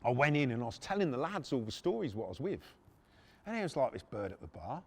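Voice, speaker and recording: A man's voice: medium pitch, very animated, quick pace, husky. A middle-aged man, telling crude, profane stories on his podcast with lots of fillers. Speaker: podcast host. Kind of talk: anecdotal storytelling.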